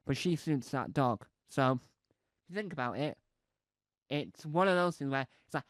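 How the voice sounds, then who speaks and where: A man's voice: mid-range voice, lively intonation, a little slow, no room sound, clean studio sound. A male comedian telling a rambling comedy monologue, full of restarts, asides and "right?" check-ins. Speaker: stand-up comedian.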